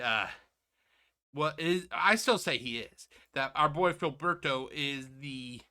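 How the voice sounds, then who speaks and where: A man hosting a reaction video in casual, sarcastic commentary, rambling with many restarts and calling his viewers ladies and gentlemen. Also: a little high. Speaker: reaction channel host.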